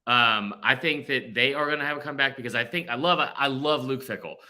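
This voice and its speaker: Bright-voiced man hosting a sports podcast. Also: mid-range voice, a little fast. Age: 30s. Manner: rambling, self-deprecating, animated. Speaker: podcast host. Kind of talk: casual sports chat.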